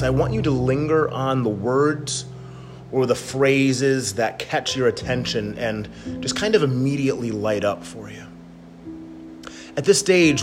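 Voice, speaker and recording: A man with an ordinary mid-range voice guides listeners through slow, gentle contemplative prayer. A plucked guitar plays clearly behind him. His pace is unhurried and soft-spoken. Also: medium pitch. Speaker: pastor leading prayer. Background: guitar music.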